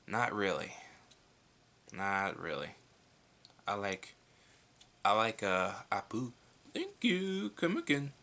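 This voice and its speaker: A man's voice: fairly low pitch, pushed and bright. A young man answering viewer questions in a casual vlog at home at night. He is laid-back and blunt, and he swears freely.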